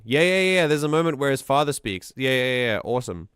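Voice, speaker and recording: A man's voice: medium pitch, expressive, fast talker, fairly bright tone, clean tone, no echo, clean studio sound. A man streaming casual music-analysis commentary, enthusiastic and rambling, often restarting his sentences.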